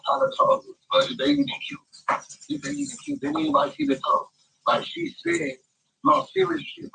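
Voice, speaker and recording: A man's voice: very high voice, gravelly, bright, forceful tone, slight background noise, rough recording. A man ranting on a livestream, brash and profane, tacking "bro" onto nearly every line. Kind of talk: casual livestream rant.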